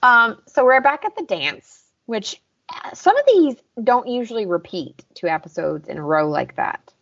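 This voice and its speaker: A woman's voice: fairly high pitch, very animated, normal speed, vocal fry, a bit bright, muffled recording. A young woman from the American South co-hosting a podcast, chatting casually and recapping scenes with lots of "like" and "um". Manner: chatty, recaps scenes and acts out quotes with laughs. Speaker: podcast co-host.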